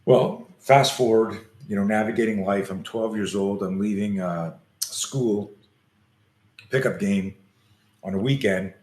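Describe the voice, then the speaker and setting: A man and self-defense coach telling a story in an interview, animated, acting out the scenes as he goes. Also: lowish voice, measured pace, reverberant.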